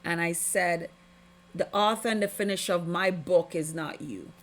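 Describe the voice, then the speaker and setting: A woman's voice: on the low side, moderate pace. A woman hosting a podcast, giving an impassioned, preachy spiritual testimony with heavy emphasis. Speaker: podcast host.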